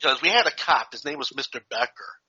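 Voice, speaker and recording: A man with a very sharp, bright tone tells a folksy story in a casual podcast chat. He keeps checking in with "okay" and "you know" as he goes. The sound is muffled and lo-fi. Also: medium pitch, lively intonation, fairly quick, slightly rough. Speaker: podcast co-host. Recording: dull lo-fi podcast recording.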